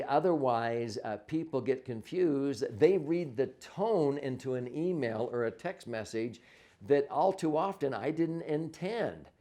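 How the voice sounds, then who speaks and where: A man coaching couples on communication, speaking at a middle pitch in an easy, conversational teaching manner. He walks through his points step by step and backs them with everyday examples. He leans on key words for emphasis and checks in with the listener as he goes. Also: mellow. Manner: stresses words for emphasis, frequent "uh" and "okay?". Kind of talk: instructional monologue.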